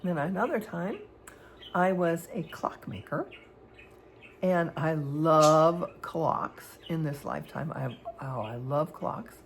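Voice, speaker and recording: Woman vlogger, creaky low register, hesitant and meandering, personal stories. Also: takes it slowly, a little hiss or hum. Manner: rambling, hesitant, with many fillers and restarts. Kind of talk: candid personal storytelling.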